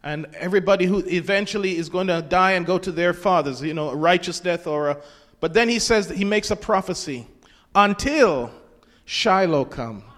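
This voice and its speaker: A preacher speaks fairly quickly in a high voice with a fairly bright tone. He puts questions to his congregation and quotes scripture in King James wording; the recording has the long reverb of a hall.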